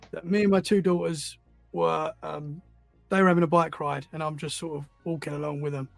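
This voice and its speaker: A man's voice: a little high, creaky, no echo. A man, a podcast guest, telling stories in a rambling, casual way and often repeating words as he goes. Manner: rambling, repeats words while finding his thread. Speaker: podcast guest, paranormal enthusiast. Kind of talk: casual storytelling.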